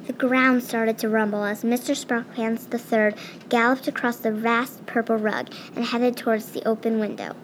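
A woman reading a children's story aloud, a little halting with small slips. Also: fairly high pitch, fairly even intonation, slight background noise, poor audio. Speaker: reader.

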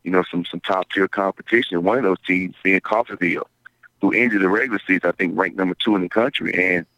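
A man, a basketball coach, talking in an interview with a raspy voice, rambling with many fillers and restarts. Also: sits low, fairly even intonation, fast talker, pushed and bright, no echo, rough recording. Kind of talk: phone-in interview.

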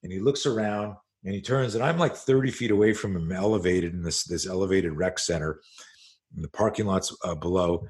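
A man's voice: deep voice, a little fast. A middle-aged man, a self-defense instructor, telling a story in an interview. He swears freely and acts out the scenes as he goes. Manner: profane, animated storyteller who acts out scenes.

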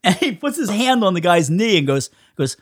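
A man's voice: high-pitched, normal speed. A man being interviewed on a podcast, telling stories casually, laughing often and acting out other people's lines. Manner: animated storyteller who laughs often and acts out quoted people. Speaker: podcast guest, musician.

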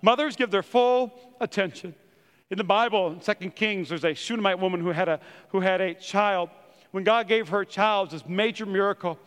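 A man's voice: high voice, brisk, clean tone, big-room sound. A middle-aged man, a pastor, preaching a sermon in a church, telling funny family stories and acting out the quotes in them. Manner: animated storyteller, acts out quotes.

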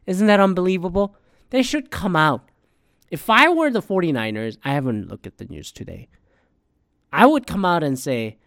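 A man rants through a casual solo podcast, loose and rambling, with frequent swearing and exasperated asides. His voice sits at an ordinary middle pitch. The sound is dry and close, with almost no room around it. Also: dry recording. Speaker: podcast host.

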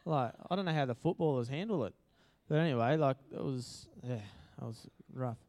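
A man's voice: medium pitch, normal speed, a little mellow. An Australian man giving a casual, chatty sermon at church, joking and using lots of fillers. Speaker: preacher. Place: church hall.

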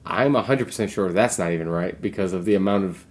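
A man's voice: low-pitched, fast talker, a little mellow. Guy cohosting a chatty podcast, dry sarcastic jokes, ordinary voice. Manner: joking, sarcastic, mock voices. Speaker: podcast co-host. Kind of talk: casual chat.

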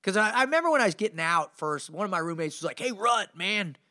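A man's voice: high voice, very fast. A middle-aged man hosting a podcast and telling his story as a motivational speaker, intense and emphatic, with lots of casual filler like "man" and "you know". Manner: energetic, informal, peppers speech with "man" and "you know".

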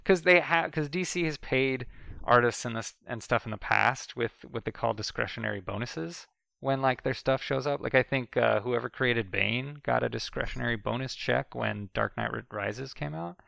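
A man's voice: medium pitch, normal speed, creaky, sharp tone, no room sound. A man co-hosting a podcast, chatting casually and rambling, often acting out what others said. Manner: rambling, restarts often, mimics others in quotes. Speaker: podcast co-host. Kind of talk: casual chat.

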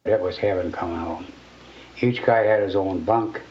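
A man's voice: sits low, normal speed. An older man, a war veteran, recalling events in a plain-spoken, blunt way. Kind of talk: recollection in interview. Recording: muffled lo-fi radio recording.

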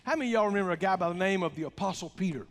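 Male pastor, high-pitched, lively sermon delivery, churchy reverb. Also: racing. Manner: animated preaching, drops to soft hushed tones for quoted words. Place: church sanctuary. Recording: long hall reverb, faint music.

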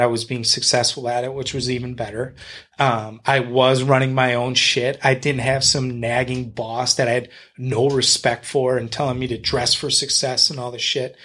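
A man's voice: mid-range voice, fairly bright tone. A man being interviewed on a podcast as a real estate agent and investor, talking in a blunt, rambling, enthusiastic way and swearing freely.

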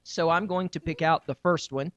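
A man hosting a casual comedy podcast, chatty and quick to laugh. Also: fairly high pitch, fairly even intonation, a bit bright, dull audio. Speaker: podcast host.

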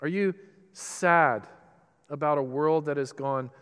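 A male pastor preaches with passion, his fairly high, resonant voice carrying through a large sanctuary with a long reverb tail. He pushes some lines out loud and drops others to a hush. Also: clear, resonant tone. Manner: impassioned preaching, swinging between loud emphatic bursts and soft, slow lines. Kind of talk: sermon.

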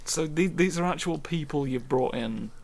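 A man's voice: a little high, normal speed, a little mellow. A man co-hosting a podcast, talking in a polite, wry way. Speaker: podcast co-host. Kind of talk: comedic casual chat.

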